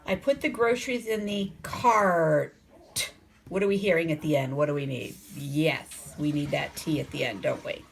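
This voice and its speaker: A woman teaching a phonics lesson to young children, sounding out letters slowly and asking the class coaxing questions. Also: low voice, vocal fry. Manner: slow, sounds out letters and words.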